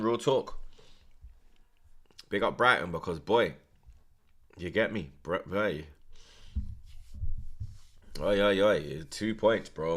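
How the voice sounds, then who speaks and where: A young man hosting a football watchalong, talking in street slang, swearing, and breaking into shouts when the action gets exciting. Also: on the low side. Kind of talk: live match reaction commentary.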